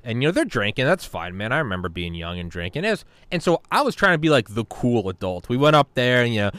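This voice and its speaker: A man in his thirties hosting a podcast, telling stories in an animated, casual way, swearing freely and repeating words. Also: mid-range voice, quick pace, clear, resonant tone, no room sound. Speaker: podcast host. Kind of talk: casual storytelling chat.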